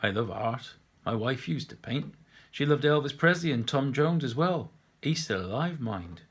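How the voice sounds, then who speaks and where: A man's voice: mid-range voice, animated, moderate pace, slightly rough. A man reading a story aloud and voicing a lonely, chatty elderly widower who rambles on. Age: older.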